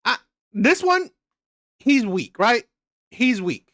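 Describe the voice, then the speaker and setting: Animated, profane ranting woman. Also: a little high, takes it slowly, no echo. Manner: heated, profane, self-interrupting. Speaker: reaction channel host. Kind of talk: ranting reaction commentary.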